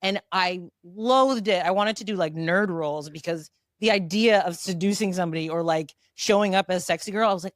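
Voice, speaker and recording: Woman podcast host, chatty and expressive, low-ish voice, dry studio sound. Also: a little fast, few pauses, no echo. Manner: chatty, expressive, laughs while talking. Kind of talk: casual chat.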